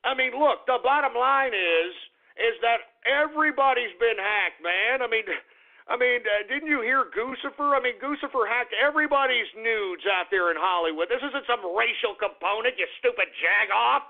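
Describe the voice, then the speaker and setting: Ranting radio guy, crude and cussing a lot, high gravelly voice, tinny phone-like sound. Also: normal speed. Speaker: radio show host. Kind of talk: call-in radio rant. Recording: narrow phone-like radio audio.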